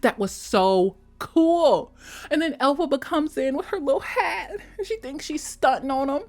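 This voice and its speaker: A woman vlogger gushes in casual, slangy chat, her voice leaping up and down with lively excitement. She slips into high mock voices and soft whispers as she talks, and her voice sits a little high for a woman. Faint music plays under her voice. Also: normal speed. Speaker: vlogger reviewing a film.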